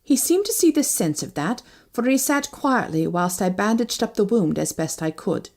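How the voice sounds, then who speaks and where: A woman narrating a first-person novel as an audiobook, reading expressively. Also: normal speed. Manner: expressive, shifting pitch with each character.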